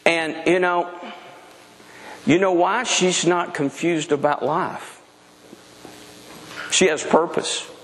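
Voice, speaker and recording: A man's voice: fairly high pitch, steady tone, slow pace, long pauses, fairly bright tone, in a large hall. A middle-aged man preaching a sermon in a frank, emphatic way, often restarting his sentences. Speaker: pastor.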